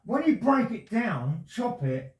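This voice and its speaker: A man with a high voice rambles insistently through his complaint, agitated and pressing his point. He sounds roomy and distant from the microphone. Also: big pitch swings, slow. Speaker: resident making a complaint. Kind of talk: conversation with police. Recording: roomy, from far off the mic.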